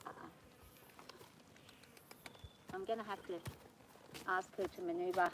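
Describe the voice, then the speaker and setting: A woman vlogging from horseback on her farm, talking nervously and gently soothing her horse. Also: mid-range voice, steady tone, a little slow, long pauses, slight background noise, poor audio. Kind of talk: casual spoken vlog.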